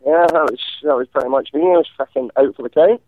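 Over a dry, tinny phone line, a hungover male caller with a slightly high voice talks fast in a casual chat with a radio show. He rambles and swears, filling his speech with lots of ums.

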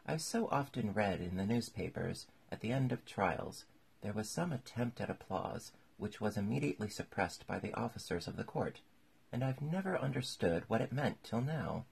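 A curious, prim young girl thinking aloud in a storybook, as read by a man in his own low voice. The tone stays husky and gravelly, with only a light lift for the girl. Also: expressive, normal speed, exaggerated voice. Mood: musing. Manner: thoughtful, musing to herself.

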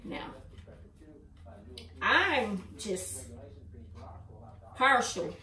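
A woman's voice: mid-range voice, wildly swooping pitch, very slow, bright, forceful tone. An older woman teaching a sewing craft in a casual, teasing and encouraging way, repeating her instructions often. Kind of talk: casual tutorial. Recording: roomy sound from a distant mic.

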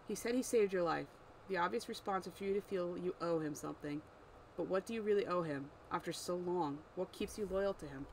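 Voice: medium pitch, a little fast, slight background noise, natural voice, low-quality recording. A reader voicing a nervous young mortal man who stammers but asks probing questions, in an amateur story read-aloud.

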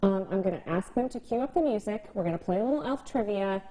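A woman's voice: medium pitch, expressive, dark tone, husky, poor audio. A woman hosting a local TV interview, bubbly and playful. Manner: bubbly, playful, quick to laugh. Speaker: TV show host. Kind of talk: lively morning TV interview.

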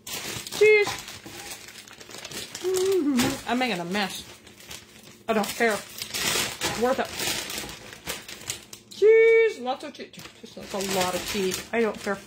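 An older woman hosting a casual home cooking vlog. She is chatty and animated and keeps tasting as she talks. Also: on the high side, slow pace, pauses often, noisy background. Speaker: cooking show host. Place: home kitchen.

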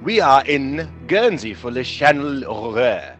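A man running a tabletop game as game master on a podcast, animated and quick to laugh. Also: mid-range voice, soft background music. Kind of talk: actual play podcast narration.

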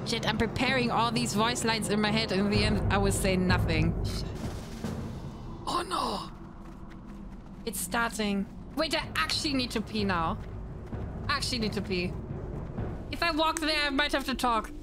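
A woman's voice: on the high side, expressive, moderate pace, pauses often. A young woman streaming a game, chatting in a giggly, self-mocking way. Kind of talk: casual game stream commentary. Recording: game music in the background.

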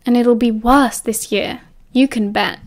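A woman's voice: steady tone, unhurried, lightly acted. Blunt, cool British teenage wizard boy, read by a woman; direct delivery. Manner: blunt, low-voiced.

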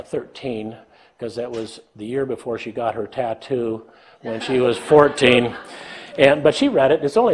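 Speaking in a medium, darkish voice with slight background noise, an older man from the United States delivers a leadership lecture in a conversational style. He tells stories that poke fun at himself and laughs as he performs the dialogue.

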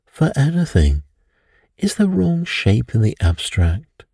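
A man reading a bedtime story, voicing a brooding priest who speaks low and dreamily of evil. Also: wildly swooping pitch, takes it slowly, gravelly, dark tone, husky, no echo, clean studio sound, exaggerated voice. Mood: dreamy. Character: mystical, brooding elderly male priest.

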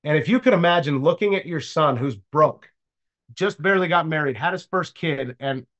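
A man's voice: fairly high pitch, normal speed, a bit bright. A man leading his sales team, giving a motivational talk in a blunt, casual way and often checking that they follow. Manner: casual, blunt, repeats "does that make sense?". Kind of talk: motivational talk with personal story.

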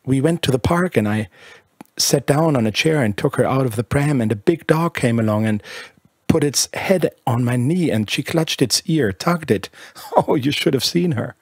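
A prim, possessive older nanny in a storybook reading, put on by a man. She keeps her voice low and hushed and tuts her disapproval. The tone is husky and the recording dry and close. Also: animated, normal speed, no room sound. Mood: fond.

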